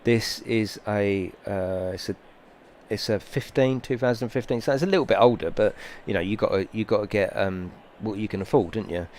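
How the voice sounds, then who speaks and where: A middle-aged British man with a lowish, darkish voice chats at a moderate pace on a sim racing live stream, with a little hiss or hum in the audio. He rambles through stories, swears, and gets increasingly heated.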